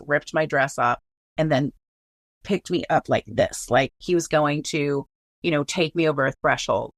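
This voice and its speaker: A woman's voice: low voice, no echo, clean studio sound. A woman recounting a personal story in casual, blunt speech, swearing freely and filling with "like".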